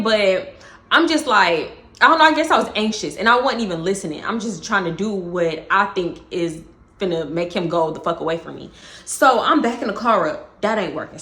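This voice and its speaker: A woman telling a profane, animated story to her vlog audience. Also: medium pitch, roomy sound. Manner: animated, profane, dramatic retelling. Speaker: storytime vlogger. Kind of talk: casual storytelling.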